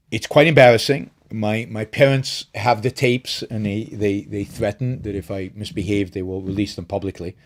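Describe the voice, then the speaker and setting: A middle-aged man hosting a live stream, talking casually, rambling with fillers and restarts, and rising in pitch when he makes a point. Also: a little mellow. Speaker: show host.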